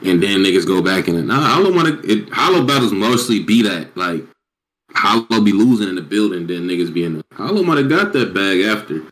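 Relaxed male co-host, low pitch, slangy casual delivery. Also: a little fast, rough recording. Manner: laid-back, slangy. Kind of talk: casual chat.

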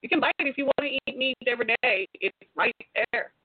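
A high-pitched, slightly rough female voice rushes along quickly, without echo. She's a commentator giving an intense, exhorting sermon directly to viewers, loaded with rhetorical questions, and the audio has a tinny, phone-like sound.

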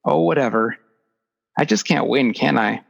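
Sarcastic young woman read by a man: gravelly, teasing, from a lo-fi reverberant recording. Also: medium pitch, normal speed. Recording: echoey, dull lo-fi recording.

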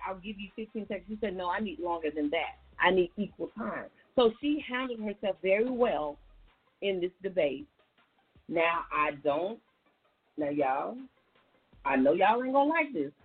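A female call-in radio host chats in a folksy way, addressing her listeners as y'all during casual commentary. Her medium-pitched voice is breathy and slightly husky. The audio is thin and tinny, like a phone line.

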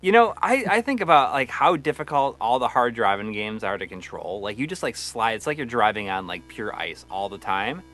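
A man's voice: fairly low pitch, normal speed, few pauses. A man co-hosting a casual game stream, chatting and reading out donations, laughing often. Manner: animated, laughs often, drifts quiet then loud. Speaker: co-host of a retro gaming stream. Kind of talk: casual chat.

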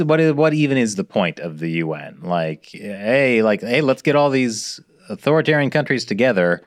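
A man's voice: medium pitch, lively intonation, moderate pace, few pauses, no echo, studio quality. A man in casual chat, making wry, blunt quips.

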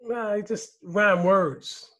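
A man's voice: high voice, slow pace, very noisy. A man co-hosting a casual podcast chat, blunt and repeating himself for emphasis. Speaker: podcast co-host.

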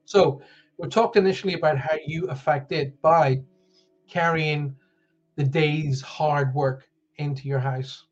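A man's voice: a little high, steady tone, measured pace, dull audio, faint music behind. An Irish man hosting a live wellbeing show, talking casually and joking as he reads out viewer comments. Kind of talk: casual live-stream talk.

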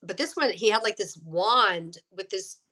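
A middle-aged woman with a bright, forceful voice tells her story with lively energy. She is getting over a cold, acts out the voices of people she quotes, and laughs often. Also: mid-range voice, a little slow. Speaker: guest, actress and UFO experiencer. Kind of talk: animated storytelling.

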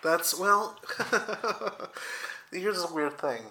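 A man co-hosting a podcast in casual chat, joking dryly, slightly husky from a cold. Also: high voice, extremely slow, sharp tone, echoey room, slight background noise. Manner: dry, wry joking. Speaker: podcast co-host.

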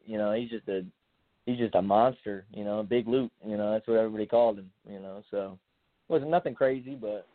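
A young man, a college football player, answering in a relaxed, laid-back way full of fillers. His voice sits a little low. It comes through a dry, tinny phone line. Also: a little fast, dry recording. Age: young adult. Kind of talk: casual interview answers.

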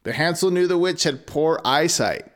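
Man doing a comedic fairy-tale read, sarcastic and swearing freely, fairly high, lively voice. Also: moderate pace. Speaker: storyteller. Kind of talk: comedic fairy-tale reading with profane asides.

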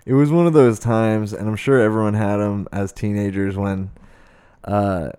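A young man in a casual chat, telling a story in a slow, relaxed, profane way. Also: on the low side, smooth.

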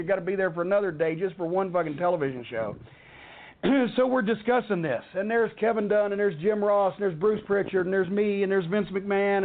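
A middle-aged man, telling a heated, swearing story as host of a rant podcast. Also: sits high. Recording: tinny phone-like audio.

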